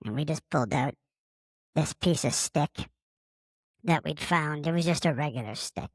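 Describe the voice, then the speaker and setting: Gravelly low-voiced alien guy, played by a man, immature, rambling, loves swearing, dry close sound. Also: normal speed, dry recording, natural voice. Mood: chatty. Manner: rambling, casual, fond of swearing. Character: friendly, immature male space alien taking over a podcaster's body. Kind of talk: casual improvised monologue.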